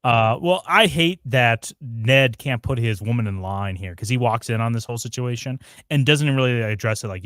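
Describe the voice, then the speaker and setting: A man's voice: medium pitch, expressive, normal speed, hardly any pauses, fairly bright tone, no echo, studio quality. A man co-hosting a casual show review livestream, sarcastic, often mocking what characters say. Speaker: podcast co-host.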